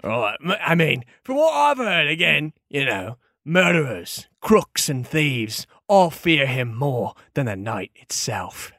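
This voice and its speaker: Meet a chatty tavern regular, as a man puts him on, eager to join any talk and dramatic as he spreads rumors. His voice swings widely up and down, sitting a touch high for a man, recorded close and dry. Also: sing-song, unhurried, creaky, hardly any pauses, no echo, exaggerated voice. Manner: eager, gossipy, dramatic hushed storytelling.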